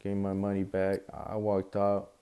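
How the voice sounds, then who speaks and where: Young man, low flat voice, gravelly, casual slangy storytelling. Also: a little slow. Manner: casual, slangy retelling with quoted dialogue.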